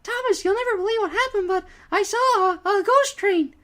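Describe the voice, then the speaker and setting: A squeaky excited little train engine. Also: male voice, normal speed. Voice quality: high squeaky cartoon-mouse voice.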